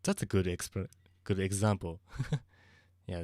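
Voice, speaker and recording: A man with a Japanese accent, a native Japanese speaker, chatting casually on a livestream in halting English and chuckling often. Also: low-pitched, little pitch movement, a little mellow, no echo, studio quality. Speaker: streamer.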